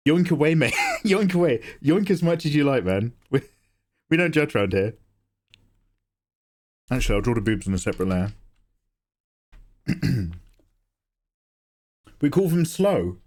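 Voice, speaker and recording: A young man hosts a live drawing stream, sketching while he chats casually, jokes, swears, and answers chat. His voice sits a little high with a darkish tone. He is a livestream host and artist.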